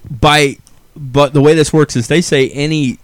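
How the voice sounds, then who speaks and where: A man's voice: on the high side, steady tone, measured pace. A man hosting a casual podcast chat, opinionated and ranting, laughing often. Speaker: podcast host.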